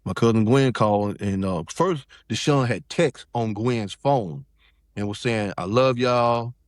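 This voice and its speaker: A man's voice: mid-range voice, measured pace, no echo, studio quality. A middle-aged man from South Carolina, telling a personal story in loose, rambling casual talk as a podcast guest. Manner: loose, rambling, with many restarts and fillers.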